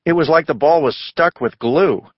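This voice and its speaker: A man's voice: moderate pace, husky, no echo, lo-fi sound. A man voicing a shy, hesitant young schoolboy in a storybook reading. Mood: unsure. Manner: hesitant, higher voice.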